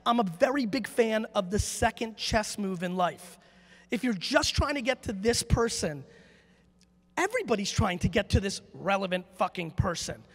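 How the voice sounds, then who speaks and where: A high-voiced man speaks from a conference stage, brash and emphatic, swearing freely as he drives his points home. His voice rings out with the long reverb of a big hall. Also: expressive, moderate pace. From United States. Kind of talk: live stage talk with audience Q&A.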